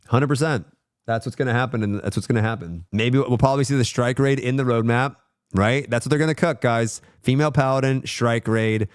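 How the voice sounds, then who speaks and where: A young man streaming, ranting casually and swearing a lot, swinging between grumbling and hyped excitement. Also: mid-range voice, fairly quick, smooth, no echo, studio quality. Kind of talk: casual livestream rant.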